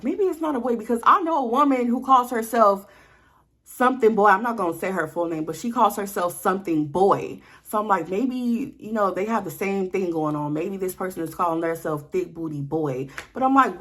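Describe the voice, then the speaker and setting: A young woman tells a personal story to her followers in a casual, blunt vlog style. Her voice is very lively and swings up and down as she talks. She sits in the middle of the usual pitch range for a woman and talks straight to her viewers. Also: moderate pace, breathy edge. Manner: animated, blunt, addresses viewers directly. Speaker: vlogger.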